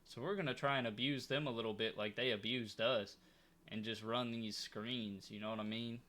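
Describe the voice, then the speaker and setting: A man's voice: medium pitch, steady tone, normal speed, bright, forceful tone. A young man commenting on his own football video game, complaining and begging in a comically exasperated way. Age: young adult. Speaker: gaming YouTuber.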